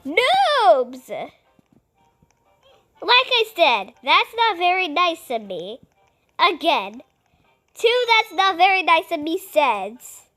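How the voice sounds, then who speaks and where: A young woman commentating her gameplay aloud, excitable, squealing and giggling at every surprise and narrating each event as it happens. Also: very high-pitched, takes it slowly, long pauses, faint music behind. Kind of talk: excited let's-play commentary.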